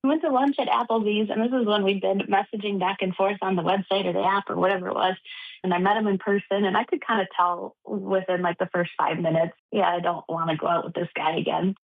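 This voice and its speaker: A woman's voice: medium pitch, quick pace, gravelly. Young woman on a tinny phone line. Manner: animated, laughing storyteller. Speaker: podcast guest. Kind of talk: casual storytelling in interview.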